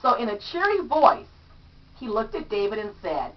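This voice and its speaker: A woman reading a children's story aloud to young listeners, animated and acting out the characters' lines. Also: on the high side, moderate pace. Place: home room among her statues. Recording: distant, dull lo-fi mic.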